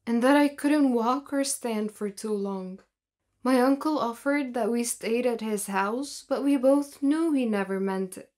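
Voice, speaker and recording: A woman's voice: a little high, darkish tone. A young woman narrating her own story in the first person, in an earnest, plain manner.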